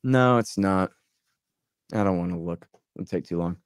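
Deep, clear and resonant, a man's voice moves at a normal speed as he co-hosts a casual political podcast. He rambles sarcastically, animatedly acting out mocking quotes in his story, recorded in clean studio sound without echo.

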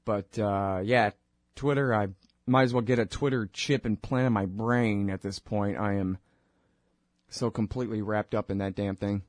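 A man's voice: lowish voice, fairly even intonation, normal speed, no room sound, studio quality. A man hosting his own radio show, rambling informally and wryly between plugs. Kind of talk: casual monologue with plugs.

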